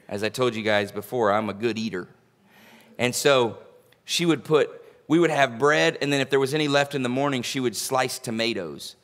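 A man's voice: mid-range voice, moderate pace, a bit bright. A male pastor, preaching a sermon in a folksy, humorous storytelling way. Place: church sanctuary.

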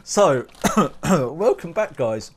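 A man's voice: fairly high pitch, very animated, drawn-out words, slightly rough. A man with an Essex accent, co-hosting a casual podcast chat in a chatty, self-mocking, easily amused way. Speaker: podcast co-host.

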